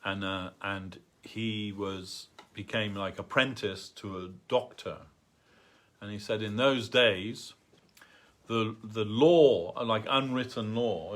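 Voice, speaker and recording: Low-voiced man telling a halting story. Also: a bit bright. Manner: halting, many fillers and restarts. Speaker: speaker at a temple gathering. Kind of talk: storytelling talk. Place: temple hall.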